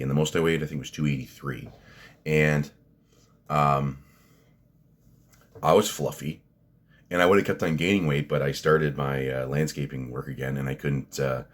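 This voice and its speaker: Very deep-voiced rambling man. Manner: rambling, blunt, profane, frequent restarts. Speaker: fitness vlogger. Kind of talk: casual commentary vlog.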